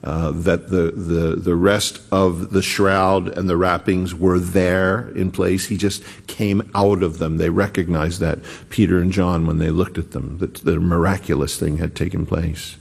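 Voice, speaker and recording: A low-voiced preacher with a gravelly, creaky edge, delivering a sermon in an unhurried, earnest storytelling manner. He often restarts his sentences as he goes. A long reverb trails after his words, as in a large hall. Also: level tone.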